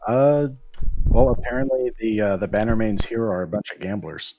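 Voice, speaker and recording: An easygoing man playing a tabletop game, with a fairly low voice. The audio is dull and lo-fi, with faint music underneath. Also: normal speed, dark tone. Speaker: player.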